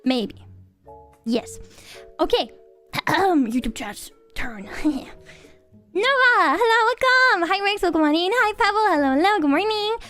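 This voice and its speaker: A woman's voice: extremely high pitch, very animated, unhurried, pauses often, a bit bright, faint music behind. A young woman streaming, chatting casually and greeting viewers in a bubbly, giggly, rambling way. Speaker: VTuber streamer. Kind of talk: casual livestream chat.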